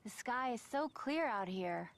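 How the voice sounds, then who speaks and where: A woman voicing a dreamy, hesitant young woman who speaks slowly and softly in an animated film. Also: a little high. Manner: slow, soft and hesitant.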